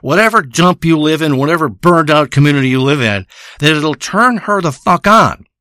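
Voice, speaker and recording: A man's voice: fairly high pitch, expressive, normal speed, bright, forceful tone, no room sound, studio quality. A man telling a crude, profane, rambling comedic monologue. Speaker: comedic storyteller.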